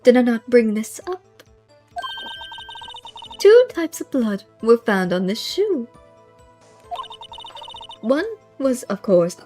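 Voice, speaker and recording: A woman's voice: high-pitched, darkish tone, pitched above the performer's own voice. A woman voicing a sassy, scheming female witness with a smug, teasing manner while reading a courtroom game aloud.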